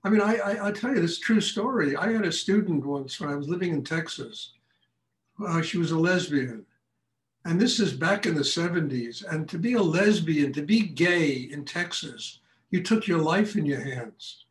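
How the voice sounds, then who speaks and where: A man's voice: a little high, moderate pace, echoey room, low-quality recording. An older man, a meditation teacher, speaking frankly and telling stories in a lecture and question session after a class. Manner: frank, animated storytelling.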